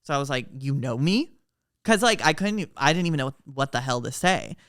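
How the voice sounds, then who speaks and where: A woman co-hosting a podcast, telling a story in casual chat, animated and excitable, swearing freely. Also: extremely low pitch, fairly quick, no echo, studio quality. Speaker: podcast co-host.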